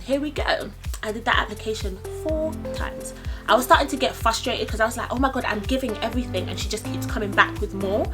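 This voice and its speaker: A woman's voice: mid-range voice, poor audio. A young woman, telling her career story casually and acting out what others said. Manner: animated, acts out quoted voices. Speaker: vlogger.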